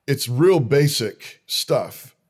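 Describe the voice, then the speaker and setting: This is a man who leads a church, talking in a relaxed interview. He speaks earnestly and lays out plain daily rules in quick rhythmic lists. His voice sits in an ordinary middle pitch. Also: husky. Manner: earnest, rhythmic listing of practical commands. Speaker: church leader. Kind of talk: conversational interview talk.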